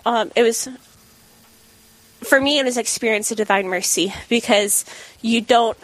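A woman co-hosting a talk radio show, telling a story in a casual, animated way and acting out the quotes with laughs. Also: a little high, a little slow, no echo. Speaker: radio co-host.

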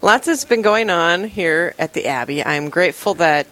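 A woman's voice: on the low side, expressive, moderate pace, a bit bright, rough recording. A woman hosting a radio interview in a studio, chatty and light in her casual conversation. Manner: chatty and light, laughs often. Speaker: radio show host.

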